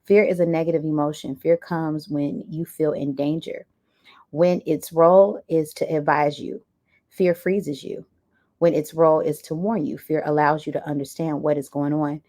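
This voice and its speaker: A woman's voice: low voice, level tone, moderate pace, dark tone. A woman giving a pick-a-card tarot reading, reading oracle messages aloud and breaking into playful, chatty asides to her viewers. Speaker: tarot reader.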